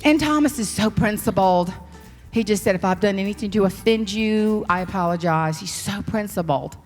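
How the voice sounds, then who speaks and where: A woman with a Southern US accent, a motivational speaker telling folksy, animated stories in a humorous keynote. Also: mid-range voice, normal speed, in a large hall, faint music behind. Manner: animated, folksy, slips into character voices. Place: large hall on stage.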